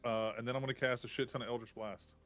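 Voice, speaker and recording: A man playing in a tabletop game, relaxed and counting out his rolls aloud. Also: mid-range voice, fast. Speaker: player. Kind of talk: casual game talk.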